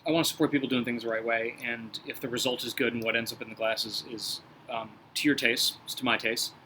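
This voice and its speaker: Bright-voiced man giving tasting notes. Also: mid-range voice, fairly even intonation, quick pace, a little hiss or hum, low-quality recording. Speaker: whiskey reviewer host. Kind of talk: casual tasting review chat.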